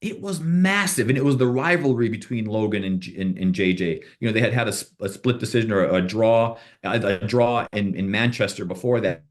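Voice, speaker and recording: A man's voice: on the low side, a little fast, hardly any pauses. A man being interviewed on a podcast as a boxing manager, telling rambling stories with restarts and quoted back-and-forth dialogue.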